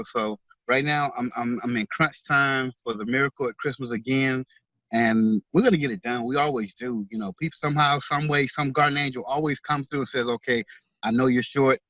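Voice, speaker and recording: Heartfelt guy being interviewed, kinda husky, muffled dry sound. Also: mid-range voice, fairly bright tone, no echo. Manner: earnest, heartfelt, repeats words when emotional. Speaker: author and veterans charity organizer. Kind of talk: interview guest.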